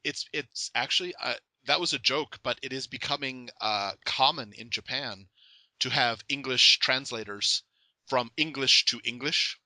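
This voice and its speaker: A man's voice: mid-range voice, measured pace, bright, forceful tone, dry recording. A young man hosting a casual interview, joking and laughing often. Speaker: podcast host.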